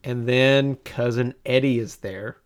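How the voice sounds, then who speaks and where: A man in casual chat as a podcast co-host, retelling movie scenes in an animated, rambling way, with many restarts. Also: medium pitch, measured pace, clear, resonant tone.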